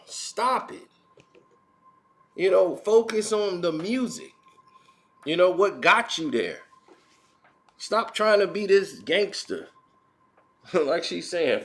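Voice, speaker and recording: A man's voice: high voice, fairly bright tone, echoey room. A man hosting casual opinion commentary, laughing often and making mocking asides. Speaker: commentary channel host.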